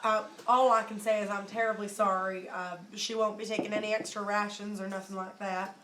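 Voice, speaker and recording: A woman's voice: mid-range voice, little pitch movement, fairly quick, pushed and bright, a little hiss or hum, lightly acted. A woman voicing a sarcastic, folksy frontier mother who scolds her many children. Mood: defensive.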